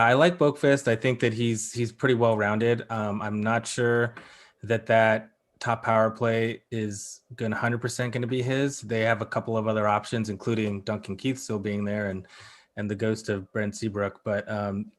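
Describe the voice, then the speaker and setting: Male podcast guest, lowish voice, casual and opinionated, lots of restarts. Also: level tone, normal speed. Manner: opinionated, frequent restarts and hedges. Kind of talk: casual chat.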